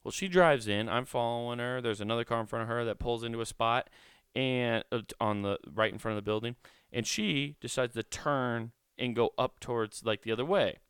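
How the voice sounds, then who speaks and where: A man's voice: mid-range voice, brisk, fairly bright tone, smooth, no room sound, clean studio sound. A man hosting his own podcast in a rambling, profane way, often restarting his sentences as he talks from a small recording room. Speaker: podcast host. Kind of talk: casual solo podcast monologue.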